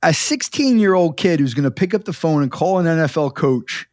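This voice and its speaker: A man's voice: on the high side, expressive, fairly quick, darkish tone, no echo, clean studio sound. A man hosting a podcast interview, who affirms his guest and draws motivational lessons from the story. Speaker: podcast host, mental performance coach. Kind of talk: interview conversation.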